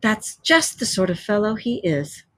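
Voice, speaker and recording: A cheerful, gossipy water rat from a storybook, as a woman reads him aloud. His tone is hearty and brisk with a slightly husky edge, and the sound is dry and close. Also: medium pitch, big pitch swings, no echo. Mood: chatty.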